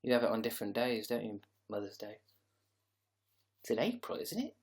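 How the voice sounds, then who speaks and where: A man's voice: fairly low pitch, very animated, fairly quick. A tired man hosting a casual livestream, rambling sarcastically and reading out viewer comments. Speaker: livestream host.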